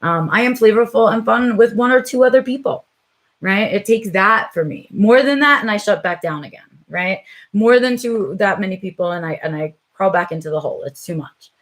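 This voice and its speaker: With a mid-range voice, lively intonation, and a slightly fast pace, a middle-aged woman chats with viewers on her live stream. She sounds reflective and unsure, repeatedly saying "um" and "right?".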